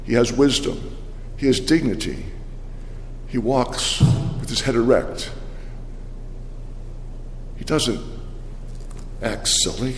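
An older man preaching a sermon, telling the story with animated energy and frequent restarts. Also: mid-range voice, slow, pauses often, long reverb tail, a little hiss or hum.

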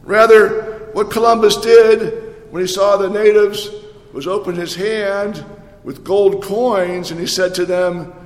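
A man preaching a sermon as a pastor, animated and full of rhetorical questions and repetition. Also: sits high, slow. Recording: echoey hall with long reverb.

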